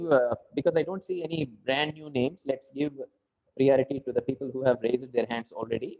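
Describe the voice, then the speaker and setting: A man's voice: medium pitch, mellow, low-quality recording. A man with an Indian English accent coaching an online speaking class. He gives long, explanatory feedback over a video call and leans on "you know" and "okay, right.".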